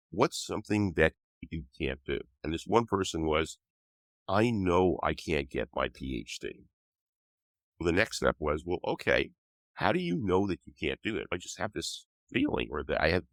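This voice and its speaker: A man's voice: a bass voice, gravelly, dry recording. An older man with a cold, patiently explaining ideas as a guest author in an interview. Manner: patient, teaching tone. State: has a cold.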